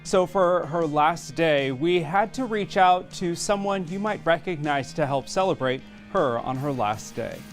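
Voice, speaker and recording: A man's voice: fairly high pitch, lively intonation, a little slow, hardly any pauses, soft background music. A man co-anchoring a morning news show, reading segments and chatting in a friendly, easygoing way.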